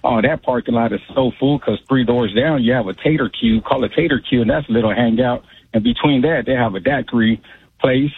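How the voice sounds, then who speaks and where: A man's voice: mid-range voice, fairly quick, a little hiss or hum. A man calling into a radio show, a former club DJ, telling rambling streetwise stories in casual chat over a phone line. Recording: tinny phone line, dry.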